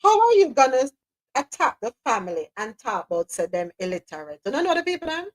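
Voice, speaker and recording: A woman's voice: high-pitched, fairly quick, poor audio. A Jamaican woman hosting a live talk show, speaking emphatically and sometimes slipping into patois. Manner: animated, emphatic, slips into patois. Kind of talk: casual talk-show commentary.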